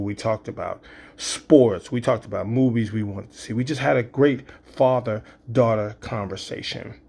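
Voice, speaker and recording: A man's voice: mid-range voice, vocal fry, a little mellow. A man in his fifties telling a spoken-word story, vivid, acting out sounds and quoting dialogue. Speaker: storyteller and poet.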